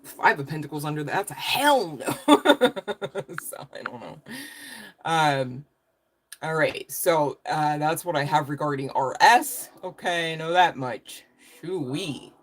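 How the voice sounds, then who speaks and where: A woman's voice: low-pitched, measured pace. A woman giving a live tarot reading, talking casually, laughing often and swearing in a cheeky way. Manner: swears casually, uses slang. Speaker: tarot reader.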